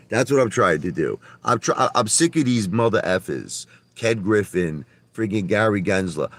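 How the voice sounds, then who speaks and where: A man hosting a livestream, telling boastful stories in a brash, animated way, often stammering and repeating his words and swearing a little. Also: low-pitched. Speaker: livestream host. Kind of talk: casual livestream monologue.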